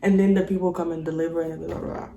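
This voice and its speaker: A young woman vlogger in casual storytime, animated and slangy, talking straight to her viewers. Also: fairly low pitch, fast talker, creaky, muffled recording, noisy background. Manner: animated, slangy, addresses viewers as y'all and guys. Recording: echoey room.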